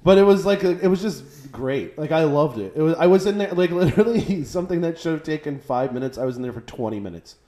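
A man chatting casually as a podcast co-host, an animated storyteller who laughs as he talks. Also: on the high side, fast, few pauses. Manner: animated storyteller, laughing through his anecdotes. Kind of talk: casual chat. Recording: roomy echoey room.

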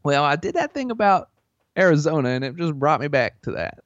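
This Southern-accented man sounds very animated and a little high, talking fairly quickly with no echo. His comedic advice is boastful and rambling and gets easily sidetracked, a comedy podcast bit recorded in dull lo-fi.

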